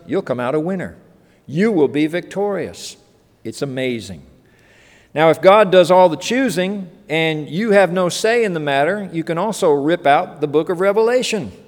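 A man preaching a sermon as pastor, earnest and emphatic, slowing down to stress key phrases. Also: a little high. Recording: long reverb of a hall.

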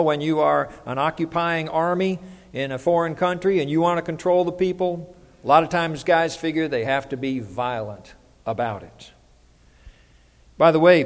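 A middle-aged male pastor gives a conversational sermon in a voice that sits high for a man, often turning to the congregation with questions. A long reverb from the hall carries the sound.

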